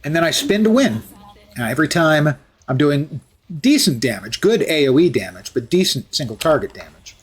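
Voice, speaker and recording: A man's voice: fairly high pitch, big pitch swings, moderate pace, slightly rough. A man streaming live, chatting through gameplay with wry asides and jokes.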